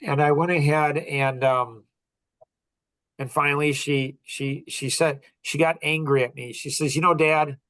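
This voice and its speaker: A man's voice: on the high side, steady tone, measured pace, fairly bright tone, dry recording. A middle-aged man hosting a podcast, telling a personal story in an earnest, heartfelt way, often restarting his sentences. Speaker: podcast host.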